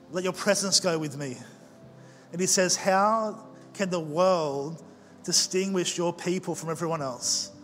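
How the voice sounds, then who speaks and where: A man preaching a sermon as pastor, telling stories in a conversational way with quick asides. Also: sits high, fairly bright tone. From Australia. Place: large church auditorium. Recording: long church hall reverb with faint music.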